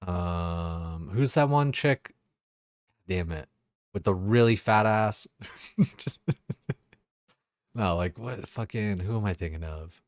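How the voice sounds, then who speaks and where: A young man with a deep, low voice chats casually while he plays a game. His talk rambles, packed with fillers and swearing. The recording is close and dry. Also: lively intonation, slow, pauses often, dry recording. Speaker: game streamer. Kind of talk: casual chat while gaming.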